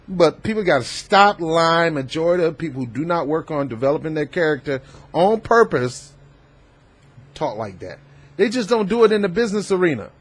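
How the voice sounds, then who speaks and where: A man hosting a political commentary vlog, talking in an emphatic, animated and preachy way. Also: on the high side, normal speed. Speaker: host.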